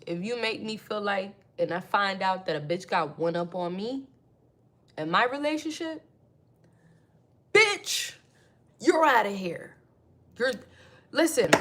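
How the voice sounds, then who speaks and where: Young woman, casual vlog rant, bright forceful voice, slow deliberate delivery, brash and profane. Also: mid-range voice. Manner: brash, swears freely, bursts into loud outbursts. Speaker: vlogger.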